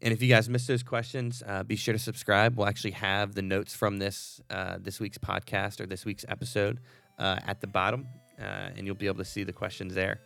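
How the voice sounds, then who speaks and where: Man, podcast host, low gravelly voice, relaxed, affirming, dry sound. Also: fairly quick, dry recording, soft background music. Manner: relaxed and affirming, many fillers. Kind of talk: casual podcast talk.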